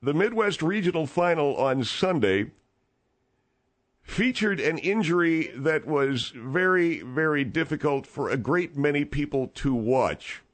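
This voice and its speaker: A man's voice: fairly high pitch, animated, a little slow. A man doing a rambling boastful steakhouse owner. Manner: rambling, self-important storytelling. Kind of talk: radio comedy monologue.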